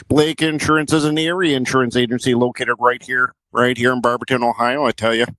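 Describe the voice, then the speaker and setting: A man putting on a jumbled mock accent to play a folksy northern-US insurance pitchman in a joke ad read. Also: level tone, brisk, a bit bright, no echo, lightly acted, poor audio.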